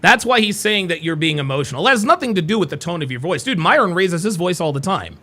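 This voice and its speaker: A man's voice: high-pitched, big pitch swings, fast talker, bright, forceful tone. A man hosting a live reaction stream, talking bluntly and mockingly and swearing freely as he comments on a debate clip.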